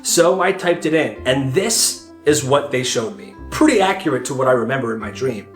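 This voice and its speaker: A man's voice: medium pitch, animated, moderate pace. A young man telling stories and giving tips in a casual, playful way. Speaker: short-video creator. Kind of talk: casual storytelling and comedy skits. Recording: light guitar music behind.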